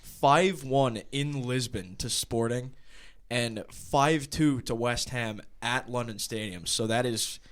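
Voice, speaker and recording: An American man co-hosts a casual soccer chat show, drifting through stories with plenty of fillers and easy laughs. His voice is smooth and clear, sitting at an ordinary pitch for a man. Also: slow pace. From United States. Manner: storytelling, laughs often, many fillers. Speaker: podcast co-host.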